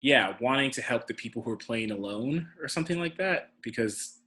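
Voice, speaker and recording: A man's voice: mid-range voice, animated, fairly quick, pushed and bright. Man, mid-range voice, casual podcast co-host, easygoing. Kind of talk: casual recap chat.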